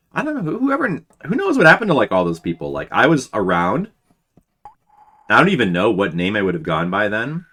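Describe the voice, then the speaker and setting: A deep, slightly bright voice belongs to a webcomic artist in his forties drawing on stream for patrons. He chats casually, wandering through old memories and answering chat with many restarts, with faint background music.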